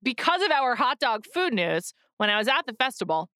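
Bright chatty woman cohost, lots of "like", dry close sound. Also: a little high, sing-song, fairly quick, clean tone, no room sound. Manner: chatty, many "like" fillers and restarts. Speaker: podcast co-host. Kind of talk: casual chat. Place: in New York.

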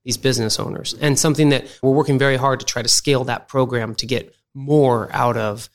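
A company executive with a medium-pitched voice talks fairly quickly through a conversational interview. He tells stories with energy, acting out the people he quotes.

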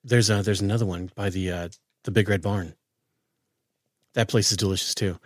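A man's voice: fairly low pitch, moderate pace, no echo, clean studio sound. A man co-hosting a podcast, chatting casually and enthusiastically. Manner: enthusiastic, lively interjections. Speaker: podcast co-host. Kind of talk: casual chat.

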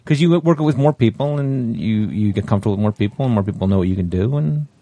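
A man co-hosting a podcast, chatting in a relaxed way and calling people bro. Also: lowish voice, fast, no room sound. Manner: laid-back, says bro and man. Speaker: podcast co-host. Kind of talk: casual podcast chat.

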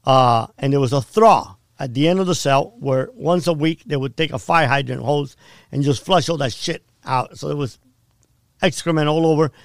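Gravelly blunt-talking man. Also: fairly high pitch, normal speed, no room sound, clean studio sound. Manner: blunt, vivid storytelling with frequent "right?". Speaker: podcast guest. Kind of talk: casual storytelling.

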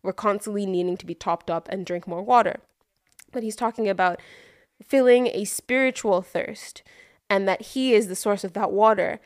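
A woman co-hosting a casual podcast, retelling a story with lively energy. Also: medium pitch, moderate pace, no echo, clean studio sound. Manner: animated storytelling, acts out voices in quotes. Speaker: podcast co-host. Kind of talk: casual chat.

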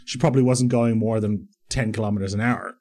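A man co-hosting a podcast in casual chat, excitable and emphatic, often laughing. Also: on the low side, fairly quick. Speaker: podcast co-host.

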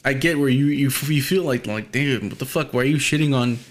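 A man chats casually as a podcast guest over a call. He speaks in a relaxed, slangy way full of fillers. His pitch is an ordinary middle for a man. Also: brisk. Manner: laid-back, slangy, lots of fillers.

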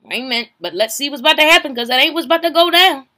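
A woman hosting a podcast, giving a casual comedic recap, animated and profane, swinging from loud exclamations to hushed asides. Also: sits high, racing, hardly any pauses. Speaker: podcast host recapping a reality show.

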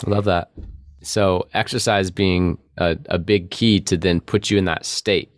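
Deep-voiced man hosting a podcast. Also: steady tone, measured pace, no echo, studio quality. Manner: affirming, encouraging, many fillers. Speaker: podcast host. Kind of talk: casual interview hosting.

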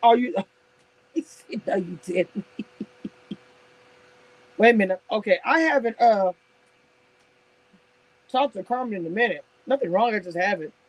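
A woman's voice: mid-range voice, animated, normal speed, long pauses, poor audio. Sassy woman chatting to her live viewers. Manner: sassy, laughs often, talks to viewers in chat. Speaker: reality TV commentator on a live stream. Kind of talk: casual live-stream chat.

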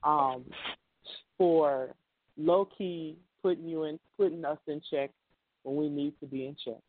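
A woman hosting a casual chat, speaking in an animated, emotional way. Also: low voice, unhurried, a little hiss or hum. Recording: tinny dry phone-like sound.

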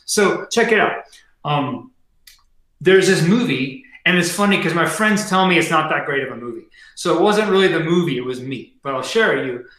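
Bright-voiced man in a very echoey room. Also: fairly high pitch, animated, moderate pace. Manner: slangy, heavy on fillers and "dude". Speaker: podcast guest. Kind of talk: casual storytelling.

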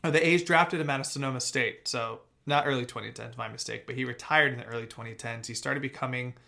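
A young man co-hosting a casual sports podcast, joking around and running through team news in a lively way. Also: medium pitch, fast talker, creaky. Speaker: podcast co-host.

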